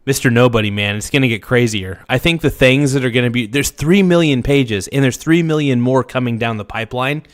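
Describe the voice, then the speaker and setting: A slightly hoarse man runs a casual livestream, hyping his subscribers in loose, slangy talk. His voice sits at an ordinary middle pitch, and the sound is dry and close with no room around it. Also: brisk, hardly any pauses, no echo. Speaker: livestream host.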